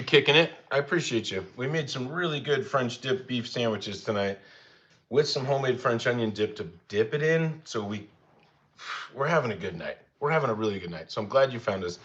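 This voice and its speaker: A young man hosting a casual cooking livestream, chatting easily with viewers and talking to his dogs. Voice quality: easygoing, rambling and chatty. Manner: talks to his dogs in a higher voice. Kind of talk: casual live chat with viewers. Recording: slightly dull lo-fi sound.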